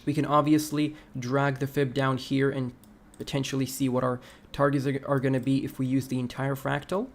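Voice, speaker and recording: A man of ordinary middle pitch hosts a live crypto stream. He talks through charts in a relaxed, conversational way and stops now and then to read viewer messages aloud. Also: moderate pace, hardly any pauses. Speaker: crypto livestream host. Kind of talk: casual livestream chart analysis.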